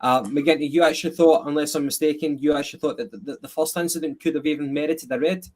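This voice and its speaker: Man, Scottish accent, podcast host, football review, measured, hesitant. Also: a little high, steady tone, a little mellow.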